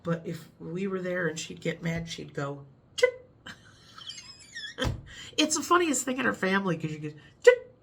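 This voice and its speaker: A woman's voice: fairly low pitch, animated, brisk, creaky, hardly any pauses, a bit bright, a little hiss or hum. Middle-aged midwestern lady rambling to camera, chatty, easygoing. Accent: Midwestern American. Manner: rambling, chatty, laughs at her own stories. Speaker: vlogger. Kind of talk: casual chat to camera.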